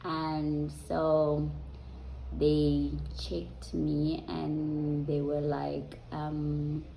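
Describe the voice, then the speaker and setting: Woman, vlogger, low mellow voice, roomy echo. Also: monotone, gravelly, a little hiss or hum. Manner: conversational and unhurried, trailing off with soft ums. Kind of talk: personal storytelling to viewers.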